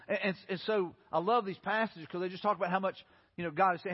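A man with a high, husky voice preaches a sermon in an earnest way that builds to impassioned pleading. His voice carries a long reverb in a large hall. The sound is dull and lo-fi. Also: fairly even intonation, fast talker. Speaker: pastor.

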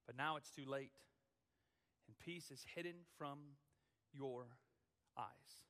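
A man's voice: medium pitch, bright, forceful tone, in a large hall. A man, a student pastor, preaching a dramatic, emphatic sermon in a church. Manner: dramatic, emphatic, drawn-out phrasing.

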